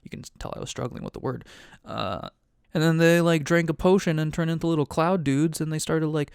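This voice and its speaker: Gravelly, smooth-voiced casual game master. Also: male voice, a little high, a little fast, no room sound, studio quality. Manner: rambling, loose and profane, heavy on "like". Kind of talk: casual recap of a tabletop game.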